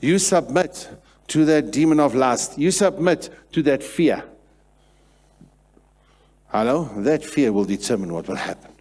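Pastor preaching in church, husky voice, goes quiet then loud, repeats lines. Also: male voice, medium pitch, lively intonation, a little slow, long pauses. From South Africa. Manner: swings between hushed and loud, repetitive preaching. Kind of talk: sermon.

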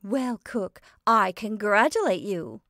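A woman's voice: mid-range voice, animated, slow, a bit bright, dry recording, studio quality. A woman reading a story aloud, voicing a practical, effusive younger sister. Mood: gushing.

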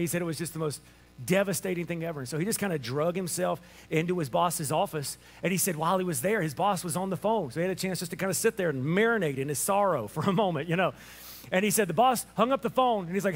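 Male pastor with a high-pitched voice, animated sermon storytelling that acts out the dialogue. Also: fast. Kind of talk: Easter sermon.

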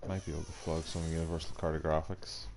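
A man's voice: very deep voice, flat delivery, quick pace. A Northern Irish man giving casual, wry gameplay commentary with muttered asides. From Northern Ireland. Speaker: gaming streamer. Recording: game noise behind the voice.

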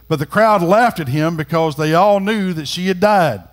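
A middle-aged man with a drawl preaching in church, his voice sitting a little high for a man. He talks folksy and plain, then climbs louder and higher as he drives a point home. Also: moderate pace. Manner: folksy, swings from quiet to loud and rising. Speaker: pastor. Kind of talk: sermon. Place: church sanctuary.

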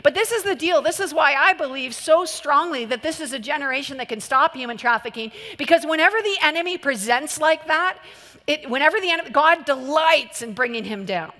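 A woman delivers a sermon in a high, bright voice and tells stories with animated energy and bursts of laughter. A long reverb trails her words around a large hall. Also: brisk. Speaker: preacher. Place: church hall.

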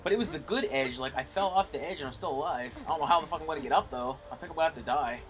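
A young man commenting on his own gameplay, frustrated, swearing a lot and yelling at enemies. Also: a little high, rapid-fire, faint music behind.

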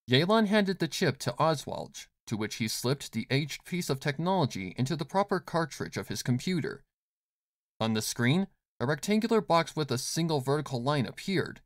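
A man reads a fanfiction story aloud at a measured pace. His mid-range voice rises and falls a great deal as he narrates. The sound is dry, with no room around it. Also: mid-range voice, no echo. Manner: expressive, measured reading. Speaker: fanfiction reader.

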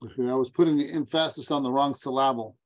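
A male student asks questions in a class, halting and repeating words as he goes. His voice sounds dry and close. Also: mid-range voice, fairly even intonation, no room sound. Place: church classroom.

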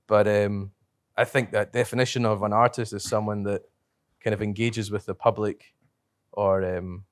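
A man's voice: lowish voice, level tone, moderate pace, dry recording, studio quality. Thoughtful man with a strong brogue. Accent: strong brogue, not New Zealand. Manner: thoughtful, rambling, self-correcting. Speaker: podcast co-host and festival director. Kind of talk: casual podcast chat.

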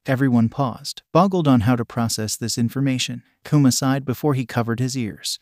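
A man narrating a fan fiction story in a flat, steady, synthetic-sounding reading. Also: mid-range voice, moderate pace, few pauses, no room sound, clean studio sound.

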